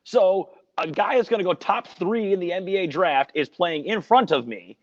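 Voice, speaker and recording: A man's voice: sits high, animated, normal speed. A man working as a sports radio reporter, telling a story in a casual podcast chat, earnest and rambling with frequent restarts. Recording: dull lo-fi audio with long reverb.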